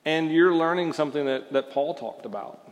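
A man's voice: a little high, moderate pace, long reverb tail, dull audio. A man preaching a sermon as a pastor, talking in an informal, storytelling way with fillers and restarts. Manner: conversational, with frequent fillers and restarts.

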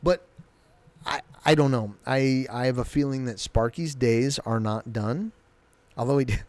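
A man's voice: medium pitch, unhurried, a little mellow, dry recording. A man giving a casual, enthusiastic recap of a TV episode, loosely retelling scenes. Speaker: show recap host.

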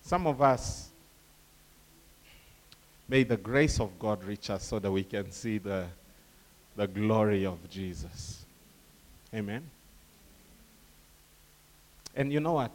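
A man preaching a lively sermon, acting out quoted voices and laughing along with his congregation. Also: lowish voice, slow, pauses often. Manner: animated, acts out quoted voices, laughs with the crowd.

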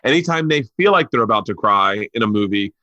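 Recorded a bit muffled but without echo, a forties-aged male podcast host speaks a little fast in a lowish voice. He spins stories in relaxed chat, bringing quoted people to life by imitating their voices.

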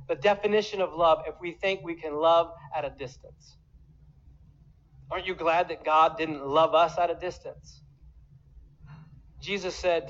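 A man's voice: fairly high pitch, fairly even intonation, a little slow, pauses often, a bit bright, lo-fi sound. A man preaching a sermon as pastor, earnest and emotional, acting out quoted voices.

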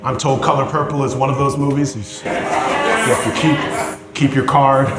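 A man preaching, telling a story with lively swings from loud exclamations to quiet prayer. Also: medium pitch, moderate pace. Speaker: pastor. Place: church sanctuary. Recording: echoey church hall with music behind.

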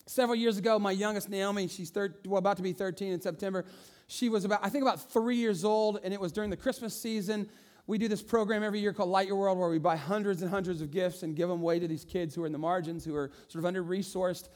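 Animated high-voiced male pastor. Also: fast talker. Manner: animated storytelling with voiced asides. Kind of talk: sermon.

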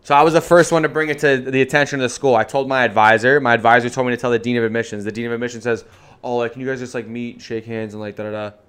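A man's voice: medium pitch, level tone, rapid-fire, a bit bright, smooth. A man co-hosting a podcast, telling a story in a profane, ranting way that keeps repeating phrases. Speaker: podcast co-host.

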